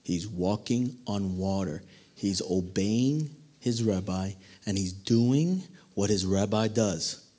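A slow, warm, lowish male voice delivers a dramatic sermon. He gives voice to quoted lines and keeps asking the congregation questions.

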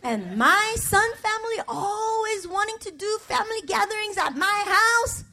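A woman's voice: extremely high pitch, expressive, a little slow, pushed and bright. A middle-aged woman pastor giving a personal, emotional sermon, speaking to the congregation and calling for their responses. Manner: emotional, confessional preaching with call-and-response; conversational and personal, with asides to the congregation.

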